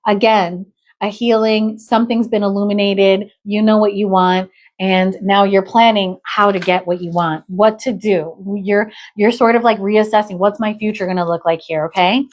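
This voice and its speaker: A woman's voice: medium pitch, steady tone, moderate pace. A woman giving a live tarot reading in a chatty, exclamatory way, often checking in with "okay?". She says she is not feeling well. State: unwell. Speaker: tarot reader.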